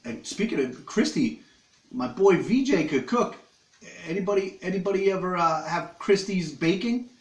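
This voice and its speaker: A man's voice: sits high, animated, normal speed, reverberant. A man hosting a casual live stream from his living room, joking crudely with viewers while he eats. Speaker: livestream host. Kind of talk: rambling casual live chat.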